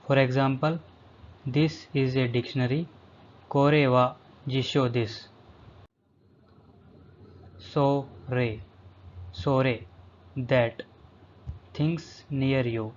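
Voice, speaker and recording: Very slow man drilling vocabulary. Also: mid-range voice, steady tone, darkish tone. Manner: says each word twice, then the English. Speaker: language teacher. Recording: slightly dull lo-fi recording, faint background hum.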